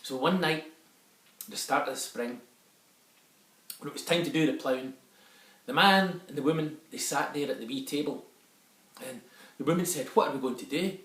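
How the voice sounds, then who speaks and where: A man's voice: fairly high pitch, moderate pace, pauses often, fairly bright tone. A man with a Scottish accent telling a folk tale to children in a lilting way, slipping into dialect for the characters. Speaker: storyteller. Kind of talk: storytelling for children. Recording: echoey room, a bit far from the mic.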